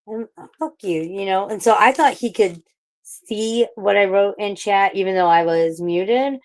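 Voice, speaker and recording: A woman's voice: medium pitch, measured pace. A woman from St. Louis in a casual livestream chat, ranting and rambling with lots of swearing and restarts. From St. Louis, USA. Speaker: livestream panel participant.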